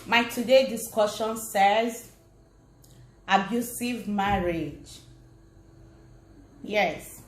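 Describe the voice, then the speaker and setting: A woman's voice: mid-range voice, extremely slow, pauses often. Earnest Nigerian woman in an echoey room. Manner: earnest, repetitive, addresses viewers directly. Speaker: vlogger. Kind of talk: casual motivational talk to viewers. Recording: roomy echo.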